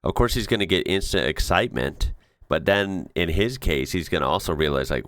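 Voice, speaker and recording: Low-voiced excitable man reacting to clips. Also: brisk, no room sound, studio quality. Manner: excitable, laughs often, slangy. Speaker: reaction video host. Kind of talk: casual reaction commentary.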